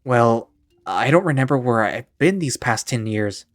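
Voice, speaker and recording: A man's voice: mid-range voice, animated, a little slow, no echo, clean studio sound, close to an everyday voice. A man as a guilt-ridden, hesitant young man. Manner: hesitant, self-reproaching. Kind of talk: one-man audio drama.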